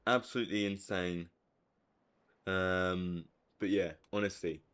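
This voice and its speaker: Excitable man streaming a strategy game. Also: measured pace, slight background noise. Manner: excitable, swings from low muttering to hyped shouting. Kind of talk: live gameplay commentary.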